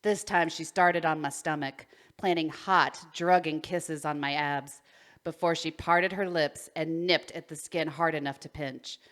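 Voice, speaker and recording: A woman's voice: low voice, fairly even intonation, measured pace, a bit bright. Giggly woman reading aloud. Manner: stumbles over words, breaks into giggles. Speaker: podcast co-host.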